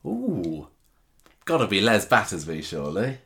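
A man's voice: on the low side, wildly swooping pitch, unhurried, creaky, a bit bright. Chatty self-mocking British podcast man. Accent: British English. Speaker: podcast co-host. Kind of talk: casual chat, quiz contestant.

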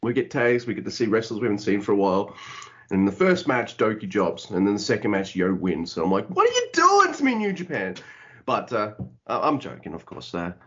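A man co-hosting a podcast in casual chat, animated and joking, sometimes humming a tune. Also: lowish voice, fairly quick, husky. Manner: animated, joking, breaks into sung hums. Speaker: podcast co-host. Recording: dull lo-fi sound.

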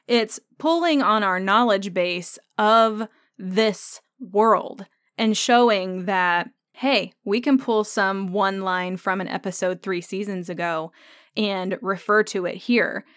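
A woman's voice: mid-range voice, takes it slowly, a bit bright, dry recording. Woman podcast host, conversational and musing, resonant tone in a dry booth sound. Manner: thoughtful, conversational, thinking aloud with fillers. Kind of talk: solo podcast episode discussion.

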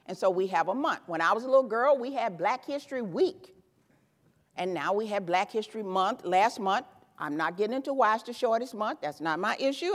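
Woman, 50s, from Tennessee, high voice, emphatic motivational keynote speaker, stage mic in a reverberant hall. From Tennessee, USA. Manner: animated, emphatic, punchy repeated phrases. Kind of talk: motivational speech. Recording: echoey hall with long reverb.

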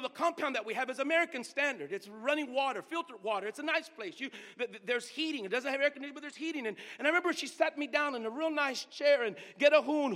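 High-voiced man preaching in an echoing hall. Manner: swings between loud outbursts and hushed near-whispers. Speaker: pastor. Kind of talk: storytelling sermon. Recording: long reverb of a large hall.

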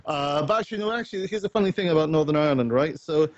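A man's voice: fairly high pitch, very fast, no echo, muffled recording. A man co-hosting a late-night gaming stream, rambling in a casual chat full of fillers, restarts and offhand swearing. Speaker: co-host of a gaming talk stream.

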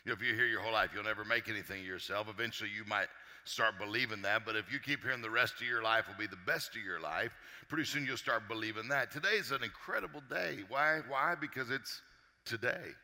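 A man giving an energetic motivational talk to a live audience as a success coach, joking and quizzing the crowd. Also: on the low side, quick pace, in a large hall. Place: large hall with a live audience.

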